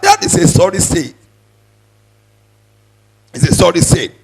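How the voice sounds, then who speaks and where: Man, preacher, high voice, sing-song sermon cadence, repeats words, bursts of shouting. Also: expressive, a little fast, creaky, pauses often, breathy edge. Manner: repeats words while building up.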